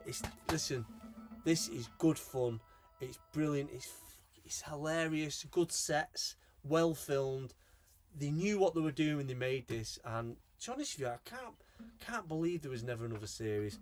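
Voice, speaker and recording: A man's voice: on the high side, animated, moderate pace, faint music behind. Rambling, enthusiastic man. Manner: enthusiastic, rambling, swears freely. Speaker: collector showing his purchases. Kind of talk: casual video chat.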